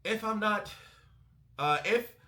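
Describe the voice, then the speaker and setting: A man hosting a music breakdown channel, talking in a casual, excitable, profane way. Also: high voice, slow, reverberant. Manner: animated, excitable, swears freely. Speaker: music reaction host.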